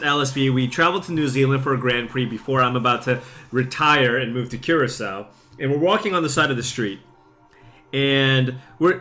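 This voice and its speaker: A man's voice: mid-range voice, pushed and bright. A slightly tipsy man, a gaming streamer, telling a rambling casual story full of fillers, restarts and laughs. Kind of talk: casual storytelling chat while playing.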